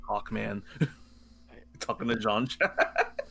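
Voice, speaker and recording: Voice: medium pitch, expressive, very slow, creaky, bright, forceful tone, slightly rough, faint music behind. A player in a tabletop game, wry and teasing. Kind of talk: casual chat in a tabletop game.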